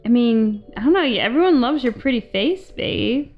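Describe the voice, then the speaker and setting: A woman's voice: on the high side, animated, normal speed, muffled recording, soft background music. A woman co-hosting a vlog, chatting in a bubbly, playful way from a car. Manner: bubbly, playful, laughs easily. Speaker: vlog co-host. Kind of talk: casual chat.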